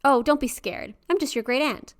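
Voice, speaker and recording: A woman's voice: sits high, animated, moderate pace. A woman voicing a sly old female tiger spirit who poses as a kindly great aunt, speaking in a coaxing, falsely sweet way.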